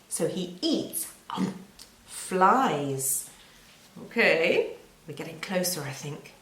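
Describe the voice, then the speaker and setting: A woman leads a children's language lesson, slow and clear, with playful repetition. Her pitch rises and falls with lively swings. The room gives her voice a noticeable echo. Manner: slow, clear and playful, with repeated words and sound effects. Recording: roomy echo.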